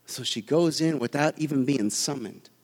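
Preacher guy, fervent, high voice all over the place, echoey hall. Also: moderate pace. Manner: fervent, swings from soft asides to shouting. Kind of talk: sermon.

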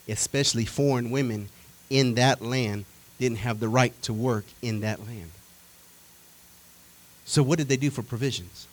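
A male preacher delivering a sermon in a folksy, conversational way, animated and full of repetition and rhetorical questions to the congregation. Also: mid-range voice, low-quality recording.

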